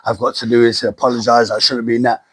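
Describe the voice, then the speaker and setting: A man's voice: mid-range voice, level tone, fast talker, fairly bright tone, breathy edge. A man co-hosting a recovery podcast, speaking earnestly, encouraging his partner and steering the talk with questions. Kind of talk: casual chat.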